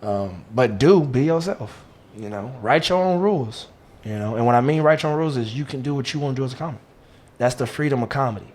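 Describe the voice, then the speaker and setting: A man's voice: medium pitch, fast, a little mellow. A man, a guest comic chatting in a laid-back way. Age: 20s. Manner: laid-back, keeps asking "you know what I'm saying". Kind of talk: casual chat.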